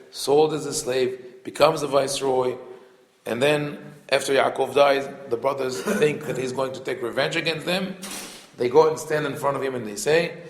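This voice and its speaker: Gravelly rabbi lecturing in an echoey room. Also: male voice, medium pitch. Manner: thoughtful, explanatory, with frequent fillers and restarts. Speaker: rabbi teaching. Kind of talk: Torah class lecture.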